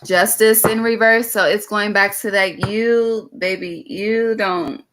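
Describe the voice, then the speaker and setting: This tarot reader speaks at a medium pitch, slowly and steadily, with a slightly bright tone. Her casual reading is chatty and frank; she calls listeners "baby" and ends nearly every line with "okay."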